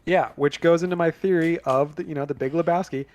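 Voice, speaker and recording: A man's voice: fairly high pitch, fairly even intonation, fairly quick, darkish tone. A man co-hosting a podcast in casual chat, rambling with plenty of fillers. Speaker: podcast co-host.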